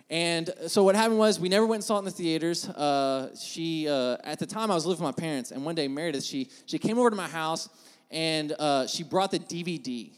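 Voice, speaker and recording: A man's voice: sits high, animated, fairly quick. A man preaching a sermon in a casual, joking storytelling way, speaking in a church sanctuary. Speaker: pastor. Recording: long hall reverb in a church.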